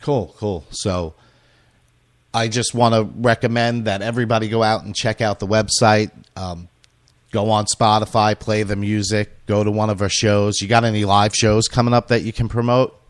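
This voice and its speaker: A man's voice: on the low side, level tone, moderate pace, no room sound. A male radio show host, losing his voice, chatting casually with a guest and rambling with many fillers and restarts. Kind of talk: casual interview chat.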